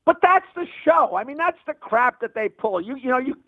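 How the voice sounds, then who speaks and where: A comedian guest telling blunt stories over the phone, rambling with frequent restarts. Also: male voice, extremely high pitch, expressive, brisk, no room sound. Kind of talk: phone interview, storytelling. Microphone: telephone. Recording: dry phone line.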